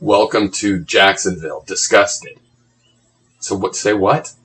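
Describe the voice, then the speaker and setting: A man's voice: lowish voice, slow pace, fairly bright tone, rough recording. A man reading blog comments aloud and mocking them in a sarcastic, profane running commentary.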